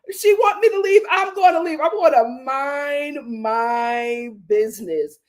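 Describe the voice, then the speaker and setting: A woman voicing a young man who briskly refuses to get involved. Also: high-pitched. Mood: dismissive. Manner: brisk, offhand. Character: dismissive young man staying out of drama.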